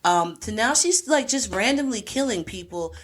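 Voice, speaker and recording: A woman's voice: fairly high pitch, lively intonation, moderate pace. A woman, casually chatting as a podcast co-host and recapping a movie with lots of fillers and playful asides. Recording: podcast voice recording.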